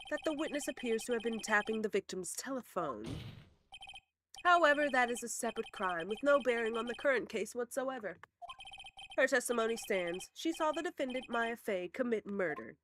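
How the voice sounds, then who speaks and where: A woman's voice: a little high, animated, background noise, close to an everyday voice. Woman reading a stern older judge. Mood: formal. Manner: formal, measured pronouncements. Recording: game music behind.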